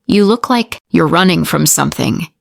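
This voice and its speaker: A woman reads a brooding, dangerous older man who gives curt orders and never asks twice. The voice sits low and close, with no room around it, as in a storybook audio drama. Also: expressive, moderate pace, creaky, no room sound, full character voice. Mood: quiet, possessive. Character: brooding dangerous male crime boss, middle-aged.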